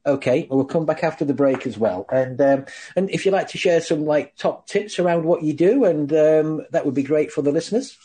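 A man's voice: fairly high pitch, moderate pace, warm tone. A man hosting a radio talk show, chatty and upbeat as he talks with his guest.

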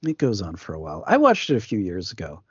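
A man's voice: sits low, wildly swooping pitch, fast talker, husky, no room sound. A man co-hosting a podcast, chatting casually and explaining things in detail. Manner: knowledgeable, explaining. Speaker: podcast co-host. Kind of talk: casual chat. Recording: muffled lo-fi podcast audio.

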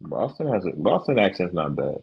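A man's voice: low voice, very animated, a little fast, gravelly, husky, muffled recording. A man co-hosting a podcast in casual banter, teasing and exclaiming. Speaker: podcast co-host. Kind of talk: casual chat.

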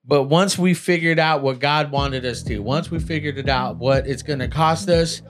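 A man hosting a motivational podcast, talking in an animated, slangy way and often saying "man". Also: fairly high pitch, normal speed, noisy background. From Native American. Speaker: podcast host.

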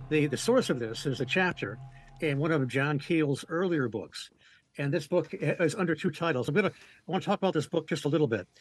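A man, a regular on a talk show, relaxed and storytelling with many fillers as he gives a report. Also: on the high side, slightly rough, no room sound. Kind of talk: casual radio talk and report.

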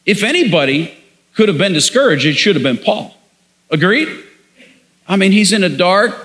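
A man's voice: high voice, fairly bright tone, long reverb tail. A man preaching a sermon as pastor, leading the congregation in call-and-response.

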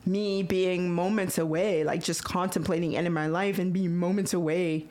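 A woman hosting a podcast, retelling a story in casual chat, excitable and emotional with frequent stammers. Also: on the low side, moderate pace. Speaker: podcast host.

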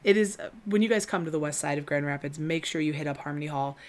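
Lower-pitched woman co-host, giggly, self-deprecating casual talker. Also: quick pace, a little mellow. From West Michigan. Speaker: podcast co-host. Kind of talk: casual chat.

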